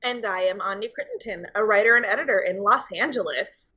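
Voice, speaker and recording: Young adult woman, podcast co-host, bright voice, husky edge, dull lo-fi sound. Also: mid-range voice, lively intonation, fairly quick. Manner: loose, conversational explainer. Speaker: podcast co-host, writer and editor. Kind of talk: casual podcast chat.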